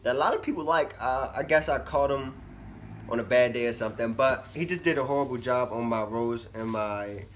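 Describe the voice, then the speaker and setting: A young man vlogging casually to camera, chatty and animated, his voice swinging from loud bursts to low mumbles. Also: brisk, a little hiss or hum. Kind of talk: casual vlog talk to camera.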